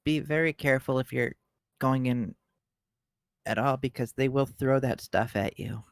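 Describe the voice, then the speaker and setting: A man at a tabletop game with a gravelly, mid-pitched voice, chatting in a relaxed way. The sound is dry and close. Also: moderate pace, no echo. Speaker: player. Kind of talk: casual tabletop game chat.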